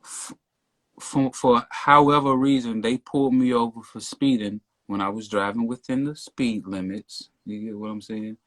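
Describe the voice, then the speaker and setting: A man telling a story as a podcast guest in casual talk, getting loud and worked up as he retells it. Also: mid-range voice, moderate pace. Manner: animated, rising to near shouting when retelling the stop.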